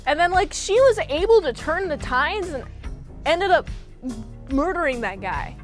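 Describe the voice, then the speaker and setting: A woman's voice: very high-pitched, big pitch swings, unhurried, soft background music. A young woman casually recapping a movie, rambling with lots of fillers and popping into goofy impressions of the characters. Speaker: movie reviewer.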